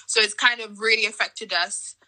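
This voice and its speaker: Woman netball guest, bright clear tone, casual storyteller who laughs a lot. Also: medium pitch, fairly even intonation, moderate pace. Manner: chatty, laughs while telling stories. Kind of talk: casual podcast chat.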